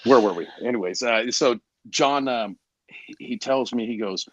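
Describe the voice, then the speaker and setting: A man's voice: on the low side, normal speed, a bit bright, no echo. A man in his forties, a garage door salesman, telling candid stories in a casual podcast chat and acting out the people he quotes. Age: 40s. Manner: candid, storytelling, quoting others in voices.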